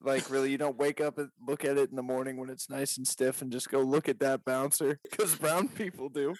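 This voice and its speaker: A man's voice: medium pitch, fairly even intonation, brisk, no room sound. A young man co-hosting a podcast, teasing and laughing through crude banter. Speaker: podcast co-host.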